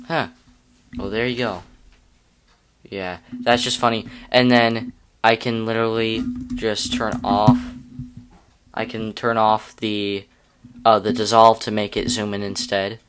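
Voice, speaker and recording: A man's voice: on the low side, level tone, unhurried, long pauses, fairly bright tone, slight background noise. A young man casually walking through a video editing tutorial, rambling and correcting himself with amused asides. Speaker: YouTube tutorial creator.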